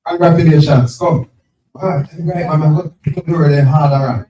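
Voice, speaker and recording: A man's voice: fairly high pitch, steady tone, warm tone, a little hiss or hum. Man, spelling game host, repeats words, echoey, distant from the mic. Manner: brisk, teasing, repeats words. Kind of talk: live event announcing. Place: event venue with crowd.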